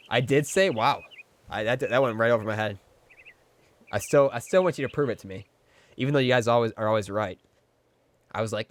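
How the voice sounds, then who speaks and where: A man's voice: medium pitch, fairly quick, long pauses. A man streaming a game live, chatting playfully with his viewers and slipping into silly voices. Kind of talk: casual live-stream chat with gameplay.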